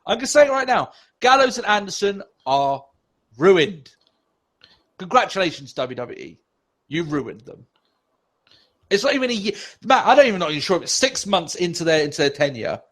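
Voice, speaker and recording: A man's voice: sits high, big pitch swings, moderate pace, pauses often, a bit bright. A man co-hosting a casual podcast, ranting with lots of swearing and sarcasm. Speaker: podcast co-host.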